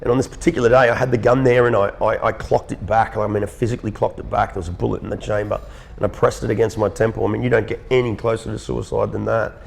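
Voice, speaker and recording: An Australian man in his thirties, an interview guest telling a personal story in an earnest, halting way, often repeating words. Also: fairly low pitch, fairly even intonation, creaky.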